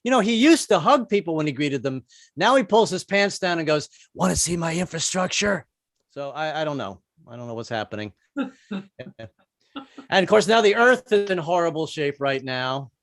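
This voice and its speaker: A man's voice: fairly high pitch, very animated, moderate pace, dry recording, clean studio sound. A man in his fifties doing a stand-up comedy set, rambling and self-mocking, with many restarts.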